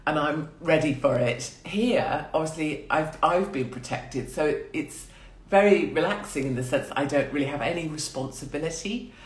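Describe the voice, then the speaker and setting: A woman's voice: low-pitched, moderate pace. A woman in her forties chats on a phone livestream from a small quarantine room. She swears freely, laughs often and rambles in a crude, irreverent way. The small room gives her voice a noticeable echo. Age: 40s. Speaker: livestream host. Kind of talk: casual livestream chat.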